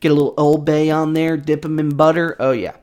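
Talking briskly with little pitch movement, a young man runs a relaxed solo sports podcast. He's excited and jokey, with big swings in pitch and loudness, and constantly pokes fun at himself.

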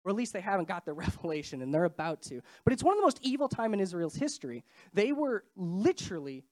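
Young woman preacher, nasal and stuffed up from a cold, lively pitch, casual chatty delivery. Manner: chatty, self-deprecating, quick asides. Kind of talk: casual sermon.

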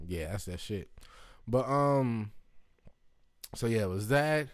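A man's voice: slow pace, pauses often. Rambling, profane man with sudden whoops. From Indiana, United States. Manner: rambling and profane, with excited whoops and jumps into a high voice. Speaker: vlogger. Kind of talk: casual chat.

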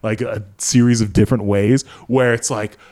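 A man's voice: fairly low pitch, fairly even intonation, moderate pace, darkish tone. A man co-hosting a casual movie podcast, talking loosely with lots of "like" and swearing. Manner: rambling, filler-heavy, swears. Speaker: podcast co-host. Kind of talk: casual movie-review chat.

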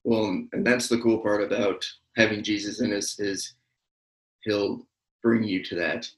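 Earnest lower-voiced man in echoey room. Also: fairly even intonation, unhurried. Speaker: podcast co-host. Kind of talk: casual faith podcast chat.

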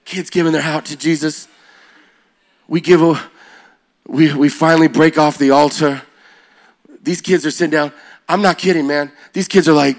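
A middle-aged man preaches as a youth pastor, his slightly high voice telling a story. He drops to hushed lines and then rises to excited shouts. The delivery is loose and conversational, full of energy. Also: moderate pace, pauses often.

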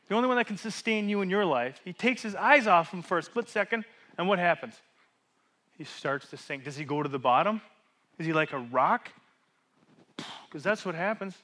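A man preaching a sermon as pastor in a church, asking rhetorical questions and swinging between loud emphasis and hushed drops. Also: fairly high pitch.

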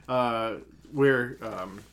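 A man co-hosting a casual podcast, describing things in a halting way with many fillers. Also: mid-range voice, slight background noise. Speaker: podcast co-host. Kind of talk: casual chat.

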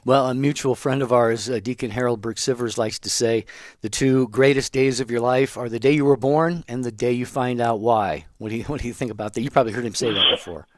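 A calm man co-hosts a radio talk show and reads station announcements into a studio microphone. His voice is dry and close, with no room sound. His pitch sits in an ordinary middle range for a man. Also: fairly quick, no echo.

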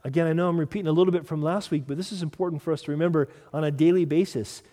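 A male pastor preaching a sermon in an earnest manner, repeating key phrases and dropping to soft emphasis. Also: a little high, racing, hardly any pauses, long reverb tail.

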